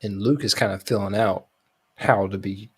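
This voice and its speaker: A man's voice: on the low side, fairly even intonation, normal speed, husky. A man co-hosting a podcast, talking in a rambling way with many fillers and restarts. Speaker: podcast co-host. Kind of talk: casual chat.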